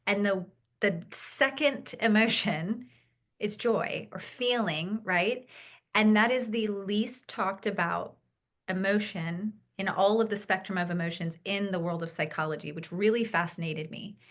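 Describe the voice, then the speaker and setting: A woman guest in a podcast interview, telling stories with lively enthusiasm and slowing to a calm, soothing tone when she talks about peace and breathing. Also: medium pitch. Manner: animated storytelling, acts out excited quotes. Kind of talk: conversational interview.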